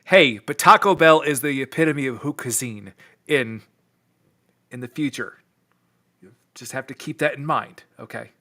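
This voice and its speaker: A man's voice: mid-range voice, moderate pace, long pauses, bright, forceful tone. A man appearing as a podcast guest in casual chat, joking and teasing.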